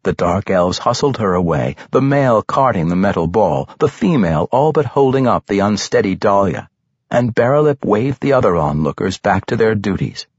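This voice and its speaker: Husky, expressive male audiobook narrator. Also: fairly low pitch, normal speed, no echo. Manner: dramatic, expressive reading. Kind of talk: scripted fantasy narration. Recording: dry, slightly dull studio recording.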